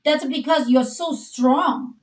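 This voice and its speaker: Woman, Chinese accent, high voice, earnest advice-giver with lots of fillers, echoey room. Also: slow pace. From Asia. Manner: earnest, heavy use of "you know" fillers. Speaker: co-host. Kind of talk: advice talk for couples.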